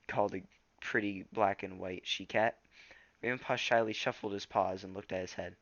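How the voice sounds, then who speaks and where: A man's voice: on the low side, a little fast, no room sound, muffled recording. A man reading a storybook aloud in a casual way, stumbling over words now and then. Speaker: reader.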